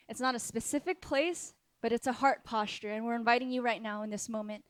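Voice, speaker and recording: Woman pastor, sermon, impassioned, repetitive, high voice, dry close sound. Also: brisk, few pauses, dry recording. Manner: impassioned, repetitive, direct to congregation. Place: church.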